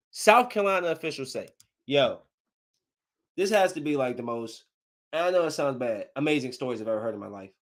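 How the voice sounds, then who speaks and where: Male podcast host, casual solo chat, very lively pitch, profane trash-talk, reads news with comments.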